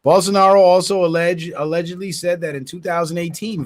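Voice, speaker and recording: A man with a slightly raised voice reads a news story aloud for his own channel. He stumbles and restarts words as he goes. He breaks in often with short, indignant comments of his own. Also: on the high side. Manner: stumbles and restarts words while reading, adds indignant asides. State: yawning, tired. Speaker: channel host.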